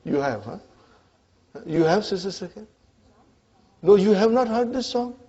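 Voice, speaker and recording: A man's voice: high-pitched, lively intonation, moderate pace, warm tone. A male Arabic teacher giving a classroom grammar lecture, often checking in with his students by asking "huh?" and "are you with me?". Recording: dull lo-fi lecture recording.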